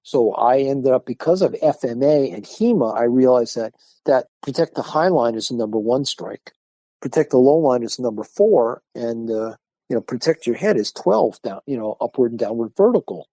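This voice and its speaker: Older man telling animated stories. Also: medium pitch, normal speed, no echo. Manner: animated storyteller, acts out quoted voices. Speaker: martial arts instructor, podcast guest. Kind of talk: casual interview talk.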